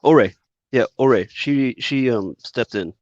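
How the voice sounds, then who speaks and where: Brief: relaxed Californian co-host guy, mid voice, dry and a bit muffled. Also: mid-range voice, slow pace, no echo. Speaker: podcast co-host. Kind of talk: casual chat.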